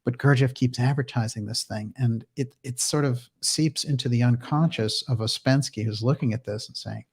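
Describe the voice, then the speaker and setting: A man hosting a livestream, telling a story in a loose, chatty style with quick laughs and restarts. His voice sits at an ordinary middle pitch for a man. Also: darkish tone, husky. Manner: conversational fillers and restarts. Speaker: host. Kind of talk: livestream commentary and reading.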